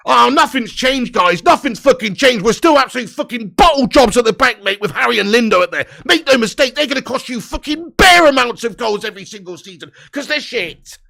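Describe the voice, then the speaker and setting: A man's voice: extremely high pitch, expressive, brisk, vocal fry, few pauses, bright, forceful tone. A young man hosting a live football watch-along, commentating and ranting with lots of swearing. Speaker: fan watch-along host.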